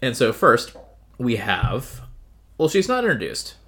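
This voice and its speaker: A man co-hosting a book podcast in casual chat, relaxed, thinking aloud with "uh" and "um". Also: mid-range voice, a little slow.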